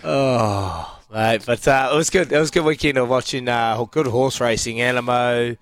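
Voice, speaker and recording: A man's voice: medium pitch, moderate pace, no room sound. A man with a New Zealand accent co-hosting a radio show, chatting enthusiastically in a matey way about racing and sport. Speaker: radio co-host. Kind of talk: casual sports chat.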